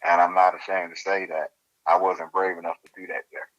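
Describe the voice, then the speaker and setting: A man with a Louisiana accent, telling a story as an interview guest. His voice sits very low but carries a bright, forceful edge. He talks in a loose, colloquial and animated way. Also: fairly quick, dull audio. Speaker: guest researcher.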